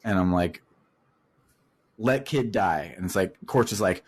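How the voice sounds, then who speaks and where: Lowish-voiced man hosting a casual game chat. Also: animated, unhurried, darkish tone, breathy edge. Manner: laughs often, hesitant with many fillers. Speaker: podcast host.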